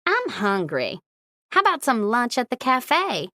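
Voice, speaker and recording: A woman voicing a feisty, fiercely loyal older woman with a sharp, commanding manner in an audiobook. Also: a little high, wildly swooping pitch, unhurried, no room sound, clean studio sound, pitched above the performer's own voice, full character voice. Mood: bossy.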